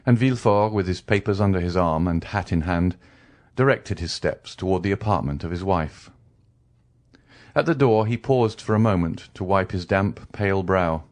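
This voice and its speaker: A man narrating a classic novel as an audiobook, reading in a measured way. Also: low voice, a little mellow. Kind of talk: scripted narration.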